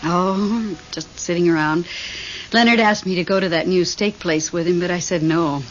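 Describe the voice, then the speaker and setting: An actress playing a lonely, nervy widow in an old radio drama, talking in a fretful, breathless way. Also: female voice, on the low side, moderate pace, close to an everyday voice. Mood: frightened. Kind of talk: 1970s radio drama acting. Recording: muffled old radio broadcast, faint hiss.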